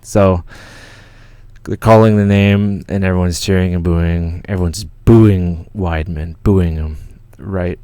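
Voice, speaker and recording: Canadian dude on a livestream, deep low voice, rambling and swearing, all worked up, dry close mic. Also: male voice, takes it slowly, smooth, dry recording. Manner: excited, swears a lot, rambling with restarts. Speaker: channel host. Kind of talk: casual livestream storytelling.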